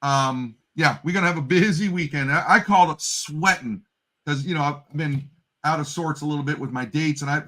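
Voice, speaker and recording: A man in his fifties, a grandfather, telling stories in a casual livestream chat with quick laughs. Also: a little high. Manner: animated storyteller, quick laughs. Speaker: co-host.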